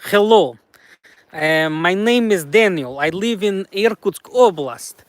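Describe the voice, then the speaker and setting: Man doing a hesitant mock-Russian accent, high voice, close and dry, for a joking bit. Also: expressive, no echo. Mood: playful. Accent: put-on Russian accent. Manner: halting, searching for words.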